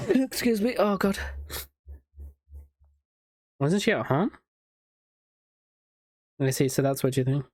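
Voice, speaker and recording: Brief: streamer reading game lines aloud, quick, mid-pitched voice, dry close sound. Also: sing-song, a little mellow, no echo. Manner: reads lines quickly, laughs and riffs.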